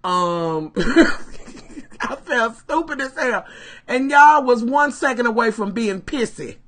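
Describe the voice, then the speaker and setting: A woman telling a story to her live stream viewers, animated and full of profanity, calling them "y'all". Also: fairly high pitch, slow. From Kentucky, USA.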